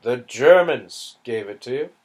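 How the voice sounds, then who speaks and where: A man's voice: mid-range voice, expressive, measured pace. A man reading aloud and voicing an earnest, fatherly British soldier with an English accent. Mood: pitying.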